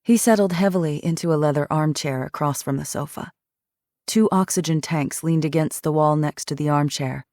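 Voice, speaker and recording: In a clean, dry studio recording, a deep-voiced woman reads an audiobook aloud. Her storytelling is steady and measured throughout.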